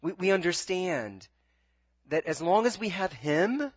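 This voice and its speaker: A man preaching a sermon in a slightly high voice, earnest and pleading. He often trips over his words and restarts a phrase, repeating it as he presses on. The sound is dry and a bit muffled, like a lo-fi recording. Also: sing-song, unhurried, husky, no room sound. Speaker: pastor.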